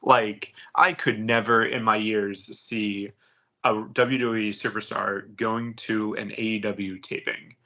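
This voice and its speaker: A podcast guest in relaxed conversation. This man's voice sits low and gravelly, with a bright edge, and the recording sounds dull and lo-fi. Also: takes it slowly. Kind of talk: casual chat.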